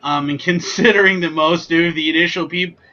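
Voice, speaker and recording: A man's voice: on the high side, steady tone, normal speed, bright, forceful tone, dull audio. A man hosting a casual whiskey tasting vlog, chatty and joking with lots of ums and asides. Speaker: whiskey reviewer, channel host.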